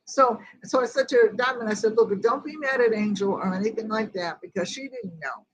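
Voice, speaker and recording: A slightly high, slightly fast voice belongs to an older woman leading a grief group, heard on a rough recording. Her casual storytelling rambles, and she reproduces every conversation exactly as it was said.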